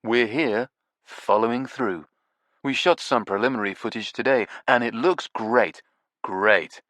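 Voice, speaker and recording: A man voicing a brash, excitable male TV presenter who talks loudly and laughs at his own jokes. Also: mid-range voice, measured pace, no echo, studio quality, close to an everyday voice. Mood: boastful. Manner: loud, pushy, slangy, laughs at own jokes. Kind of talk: audiobook character voice.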